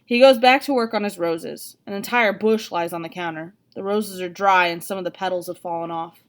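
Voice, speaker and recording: A woman reading a novel aloud, with an expressive, even delivery. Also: on the low side, brisk. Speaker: reader.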